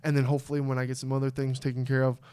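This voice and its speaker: A young man co-hosting a casual podcast chat, rambling and getting fired up in loud bursts before dropping back to low mutters. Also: rapid-fire, clean tone. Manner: excitable, swings from low mumble to loud outbursts. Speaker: podcast co-host.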